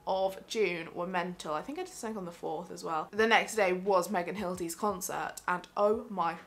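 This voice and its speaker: A woman's voice: fairly low pitch, normal speed. A young woman chatting enthusiastically in a casual vlog about the theatre shows she has seen. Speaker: theatre vlogger.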